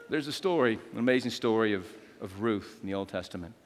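A man preaching a sermon as a pastor, telling stories with lively, acted-out quotes. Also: mid-range voice, moderate pace. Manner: animated storytelling with acted quotes. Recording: long hall reverb.

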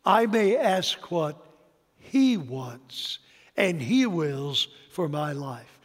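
A man preaching a sermon, emphatic, swinging between loud declarations and quiet asides, with humor to his congregation. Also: a little high, big pitch swings, drawn-out words. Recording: long reverb of a large hall.

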